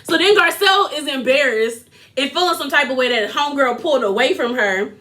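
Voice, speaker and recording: A woman hosting a casual recap vlog about a reality show. Her voice sits high and sounds crisp and bright. She talks in an animated way, laughing often and slipping into imitations. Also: fairly quick.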